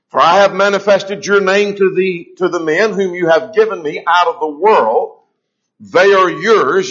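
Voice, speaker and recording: A preacher with a fairly high, slightly bright voice delivers an emphatic sermon, slowing down to stress scripture and drawing key phrases out. He asks his listeners questions and answers them himself. The recording sounds dull and lo-fi.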